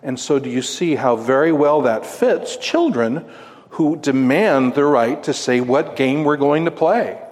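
A man of middle pitch gives an expository Bible lesson, asking his audience questions and then answering them. His voice rings out with a long hall reverb, as if he is speaking in a large meeting room. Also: lively intonation, measured pace, darkish tone. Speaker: Bible teacher.

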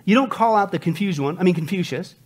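A man preaching a sermon as pastor, emphatic, throwing rhetorical questions at the congregation and dropping from loud bursts to quiet asides. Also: quick pace, husky. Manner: swings from loud outbursts to low asides.

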